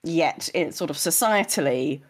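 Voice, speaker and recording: Animated laughing woman guest. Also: low voice, unhurried. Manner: animated, laughs often, acts out quoted voices. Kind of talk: casual interview chat.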